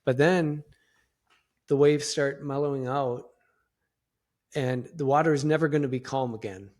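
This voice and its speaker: A middle-aged man, a podcast guest, speaking reflectively in halting sentences with many restarts. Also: medium pitch, darkish tone. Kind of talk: conversational interview.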